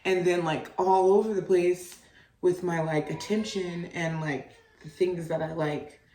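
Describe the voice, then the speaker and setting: Speaking at a measured pace with fairly even intonation, a young adult woman's fairly low, mellow voice carries a little hiss or hum. She hosts a solo podcast and is a mother, rambling candidly with frequent "like" fillers and easy profanity. The audio feels roomy, with her voice far from the mic.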